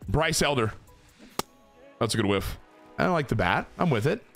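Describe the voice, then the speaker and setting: Excitable young man calling game plays. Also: mid-range voice, normal speed, faint music behind. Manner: excitable, swears a lot, cheers and groans at each play. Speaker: streamer playing a baseball video game. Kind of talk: casual gameplay commentary to chat.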